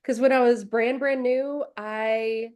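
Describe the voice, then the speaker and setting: A woman's voice: a little high, fairly even intonation, slow, a little mellow. Candid, self-deprecating woman podcaster. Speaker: real estate coach, podcast co-host. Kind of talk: casual podcast discussion.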